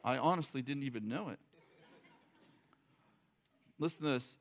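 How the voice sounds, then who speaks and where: A man's voice: medium pitch, normal speed, vocal fry, some chatter behind, slight background noise. A middle-aged man preaching a sermon in a loose, joking, conversational way, acting out quotes. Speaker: pastor.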